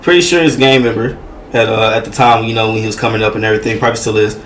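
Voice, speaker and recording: A man's voice: fairly low pitch, fairly even intonation, very fast, fairly bright tone, slight background noise. A man hosting a reaction video, talking loosely and profanely with many hesitations. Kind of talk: casual reaction commentary.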